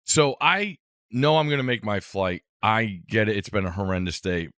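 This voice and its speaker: A man's voice: on the low side, moderate pace, a bit bright, dry recording, clean studio sound. A man co-hosting a podcast, telling a rambling, self-amused travel story in casual chat.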